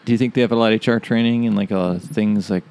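A man with a fairly low voice co-hosts a comedy podcast. He chats casually and jokes, often laughing between his lines. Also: steady tone, quick pace, a little mellow, smooth. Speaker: podcast co-host.

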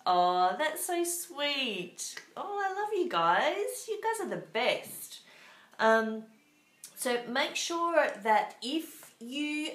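A woman's voice: fairly high pitch, a bit bright. A woman with an Australian accent hosting a live craft show from her home craft room, bubbly and chatty as she greets viewers by name. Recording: echoey room.

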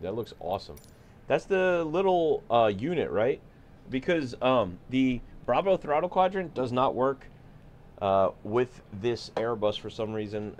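A man streaming a flight simulator, chatting casually and joking with his viewers as he sets up the flight. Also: fairly low pitch. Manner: laid-back, joking, thinking aloud. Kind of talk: casual live-stream chat.

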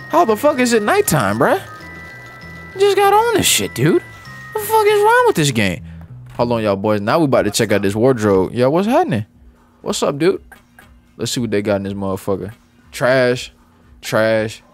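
Male gaming host riffing on his playthrough, animated swings in pitch, a bit high, faint music under him. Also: dry recording. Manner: profane, loud outbursts and rambling asides. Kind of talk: casual gameplay commentary.

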